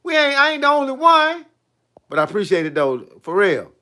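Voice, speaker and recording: A man in his fifties speaks with a very high-pitched voice at a slightly quick pace. He's a fitness coach chatting casually on a livestream, animatedly telling stories and reading out and reacting to viewer comments.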